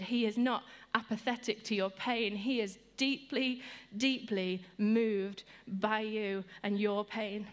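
A woman giving an earnest sermon, repeating phrases and slowing down to stress them, lively when she tells stories. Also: mid-range voice. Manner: earnest and repetitive, slowing for emphasis; animated when telling stories. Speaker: speaker giving a devotional talk.

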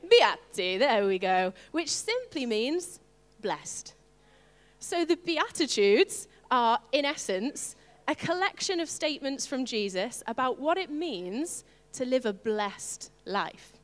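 Woman pastor, animated sermon delivery, a little high-pitched, reverberant church hall. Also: measured pace, hardly any pauses. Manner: animated, playful asides to the congregation.

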